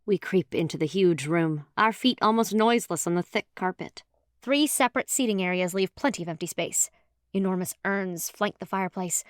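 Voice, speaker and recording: A woman narrating a first-person audiobook in a lively, expressive storytelling manner. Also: lowish voice, moderate pace, dry recording. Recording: dry close studio sound.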